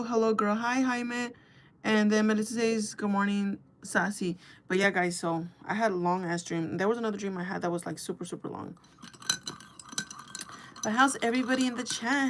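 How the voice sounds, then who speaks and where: A young woman talks straight to her livestream chat in a mid-range voice. She rambles through stories with plenty of fillers and restarts, keeping it animated and casual. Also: medium pitch. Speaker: livestream host.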